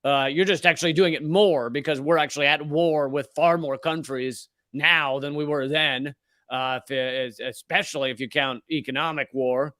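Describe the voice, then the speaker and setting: Profane, sarcastic comedian ranting. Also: male voice, a little high, fairly even intonation, normal speed, sharp tone, no echo, clean studio sound. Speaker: comedian host. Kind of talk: ranting political commentary.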